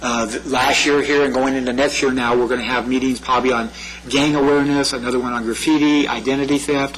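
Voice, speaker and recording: In a meeting room, a man with a mid-range, slightly bright voice gives a community presentation on public safety, and the audio quality is poor. He talks loosely and conversationally, repeating himself and frequently checking in with "right?"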